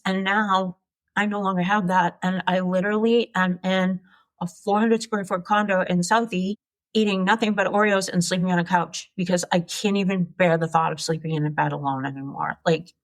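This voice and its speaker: A woman in her sixties, an entrepreneur guest, telling her life story frankly and with animation in an interview. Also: lowish voice. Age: 60s. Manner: frank, animated, swears casually.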